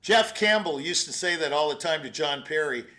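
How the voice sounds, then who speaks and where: An older man giving rambling, animated feedback on a piano performance, singing out phrases and laughing as he talks. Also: a little high, moderate pace. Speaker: competition juror giving feedback. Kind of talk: spoken critique of a performance.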